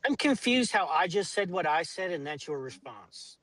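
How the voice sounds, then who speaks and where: A man's voice: fairly high pitch, very animated, moderate pace, a bit bright, rough recording. A middle-aged man telling a family story in casual chat, blunt and rambling, swearing often.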